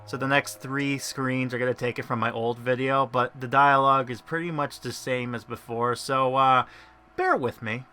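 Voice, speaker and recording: A man's voice: medium pitch, moderate pace, slight background noise. Chatty gameplay commentator man. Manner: chatty, rambling, excitable. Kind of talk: casual let's-play commentary.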